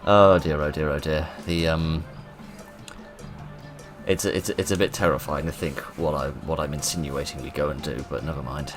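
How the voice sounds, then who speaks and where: A man's voice: rumbling low, steady tone, normal speed, faint music behind. A man giving casual, self-mocking commentary while playing a video game. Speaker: gaming video host. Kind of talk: casual let's-play commentary.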